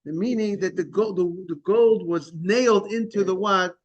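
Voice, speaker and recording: A man teaching a Talmud class in a casual, halting way, repeating words and restarting sentences while greeting students. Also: high voice, lo-fi sound. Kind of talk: informal Talmud lesson.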